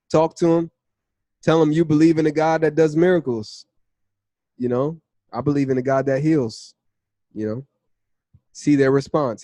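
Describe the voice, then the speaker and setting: A young man teaching a Bible study in a casual testimony style, telling his story with lively retellings of what everyone said. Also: a little high, dry recording, studio quality. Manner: animated storytelling, acts out dialogue with "I was like".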